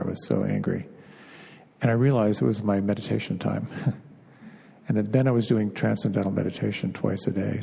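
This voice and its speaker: A middle-aged man gives a spiritual talk teaching meditation, unhurried and halting, often repeating a word while he searches for the next. His low, mellow voice carries a gravelly edge, and a long hall reverb trails after it.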